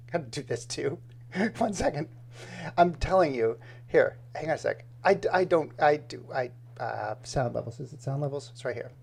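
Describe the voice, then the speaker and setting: A man's voice: a little high, lively intonation, normal speed, creaky, husky. A man live-streaming while he edits video, talking to himself as he works and greeting viewers by name in a casual, chatty way.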